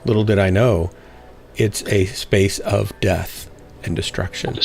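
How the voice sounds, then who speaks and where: A man with a lowish, gravelly, darkish voice speaks at a measured pace with fairly even intonation, soft music playing behind him. He's streaming a mech game and chatting playfully with teammates, humming and scatting while he waits.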